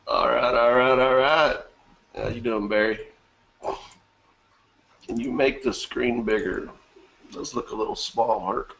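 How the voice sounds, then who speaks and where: A man's voice: mid-range voice, steady tone, unhurried, gravelly, long pauses, fairly bright tone, dull audio. A man with a bad cough hosting a live webinar in a casual way, greeting viewers by name from the chat and laughing often. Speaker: webinar host.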